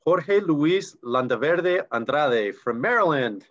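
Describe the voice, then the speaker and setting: A man's voice: fairly high pitch, animated, takes it slowly, fairly bright tone. A man co-hosting a live online recognition event, reading names and chatting enthusiastically about ranks over a video call. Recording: dull lo-fi video call audio.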